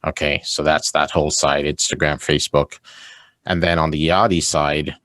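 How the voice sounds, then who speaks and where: A man's voice: very deep voice, level tone, moderate pace, fairly bright tone, no echo, clean studio sound. A man speaking as a guest on an interview podcast, enthusiastic, laughing often and tagging his points with "right?". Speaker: guest, sales coach. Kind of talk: casual interview chat.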